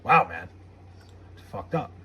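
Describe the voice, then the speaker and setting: A man's voice: lowish voice, big pitch swings, unhurried, husky, muffled recording. A man live streaming, chatting casually, reading chat aloud and swearing in frustration over a baseball game. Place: home room with TV.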